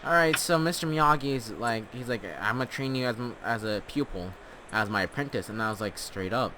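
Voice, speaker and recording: A man's voice: mid-range voice, noisy background. Rambling young guy telling a story. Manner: rambling, halting, many restarts. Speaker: storyteller and gamer. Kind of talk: rambling casual storytelling while gaming.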